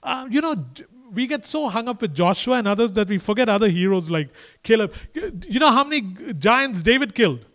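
A man with a high voice delivers a sermon in a loose, conversational way. He swings from hushed, intimate passages to emphatic, lifted ones, and talks to his listeners as casually as he would to friends. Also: fairly quick. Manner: animated, swings between quiet and emphatic. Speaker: preacher.

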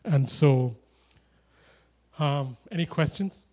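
High-voiced animated male preacher. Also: slow pace. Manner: animated, rising to loud emphatic declarations; chatty asides with tag "eh?". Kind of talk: sermon with humorous anecdotes.

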